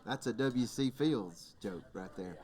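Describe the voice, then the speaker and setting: A man's voice: on the low side, expressive, a little slow, a little mellow. A man from Georgia with a Southern US accent, telling folksy jokes and stories on stage at a folk music workshop and laughing at his own jokes. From Georgia, USA.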